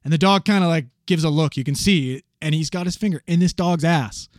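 A man casually telling a paramedic story, animated and swearing freely as he acts out the voices of the people in it. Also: a little high, a little fast, dry recording, studio quality.

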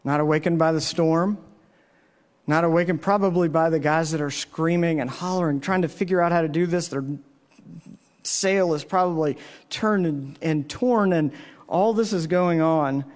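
Male pastor, sermon delivery, earnest storyteller, pitched a bit high. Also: moderate pace, pauses often.

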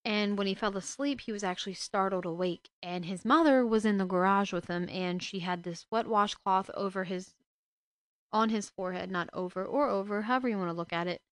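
Woman host retelling a book casually, worked-up asides, smooth voice, dry close sound. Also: medium pitch, fairly quick, dry recording. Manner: indignant, emotional asides.

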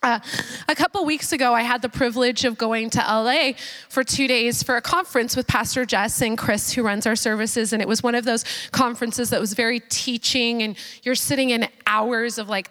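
A woman pastor preaching a church sermon, telling a personal story with lively, self-mocking humor and asides to the congregation. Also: fairly high pitch. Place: church service.

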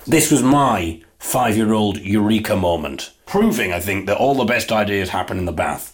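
Deep-voiced deadpan man in comic monologue. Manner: deadpan, self-mocking. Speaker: podcast host. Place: in a bath.

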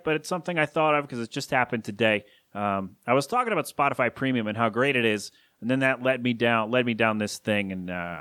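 A man's voice: medium pitch, fairly bright tone, no echo. Man, podcast host, rambling and self-deprecating, dry close sound, home studio. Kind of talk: rambling solo podcast chat.

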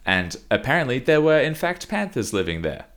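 A man's voice: medium pitch, big pitch swings, brisk, fairly bright tone. A man co-hosting a casual podcast, telling long rambling stories and laughing often. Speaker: podcast co-host.

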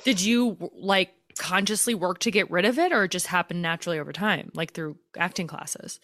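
A woman podcast host in a casual interview, affirming and quick to encourage her guest. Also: fairly low pitch, a bit bright, dry recording, studio quality.

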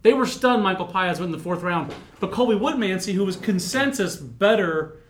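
A man in casual podcast chat about baseball prospects, animated and rambling, poking fun at himself. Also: high voice, normal speed, a little hiss or hum. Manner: animated, rambling, self-mocking.

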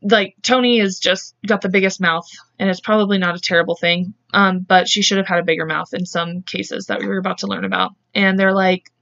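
A woman's voice: medium pitch, steady tone, fairly quick, vocal fry, hardly any pauses, fairly bright tone. A woman hosting a podcast, telling a true-crime story in casual chat and acting out the quotes in voices. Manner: acts out quotes with voices, laughs often. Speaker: podcast host. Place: home. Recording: dull lo-fi podcast mic.

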